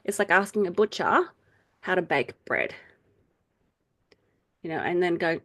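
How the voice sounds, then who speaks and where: A woman's voice: normal speed, long pauses. A middle-aged woman teaches her group over a video call in a loose, conversational way. She laughs easily and lifts her voice when she acts out quoted people. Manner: chatty, laughs often, acts out quoted voices in a higher pitch. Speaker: faith group meeting leader. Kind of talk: casual teaching talk.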